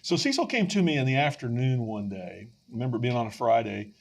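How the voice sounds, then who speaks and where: A middle-aged man hosting a podcast, telling a story with lively energy and frequent fillers and restarts. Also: mid-range voice, fairly quick, creaky. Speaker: podcast host and rescue mission leader.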